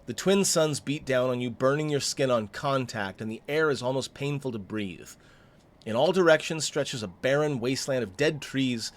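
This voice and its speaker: Man reading a game aloud with asides. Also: mid-range voice. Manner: expressive reading with chatty asides. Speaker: let's play host.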